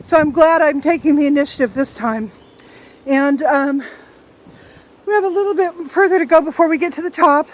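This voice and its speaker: High-voiced older woman vlogging outdoors. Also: normal speed, rough recording. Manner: chatty, self-mocking, joking. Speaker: travel vlogger. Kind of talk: casual chat to camera. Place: outdoors in a hillside cemetery.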